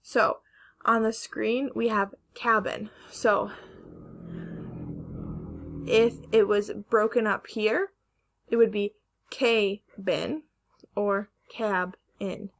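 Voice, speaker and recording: A woman teacher giving a recorded phonics lesson to young children, slowly stretching out words to model their sounds. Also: a little high, flat delivery, fairly bright tone. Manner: slow, careful, stretching sounds to model pronunciation.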